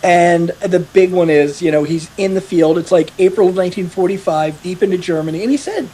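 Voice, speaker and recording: A man telling a veteran's story in a casual podcast conversation, animated and quick to quote others. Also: sits high, slightly rough. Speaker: author interviewed about his article.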